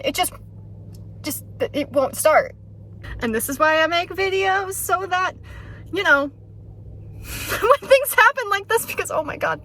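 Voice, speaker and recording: Woman vlogger, high voice, chatty and frazzled, phone mic in a parked car. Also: fairly bright tone, a little hiss or hum. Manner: chatty, frazzled, laughs often. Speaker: concert vlogger. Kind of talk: casual vlog talk to camera. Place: parked car in a parking garage.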